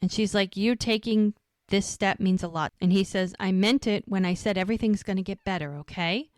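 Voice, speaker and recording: A woman's voice: mid-range voice, fairly quick, no room sound, studio quality. A woman co-hosting a casual rewatch podcast, recapping episode scenes and acting out the dialogue. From United States. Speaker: podcast co-host.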